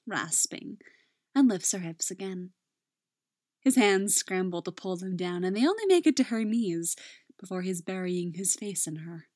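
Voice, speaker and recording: A woman narrating a romance story in a soft voice that drops into whispers. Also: mid-range voice, animated, measured pace, dry recording, clean studio sound.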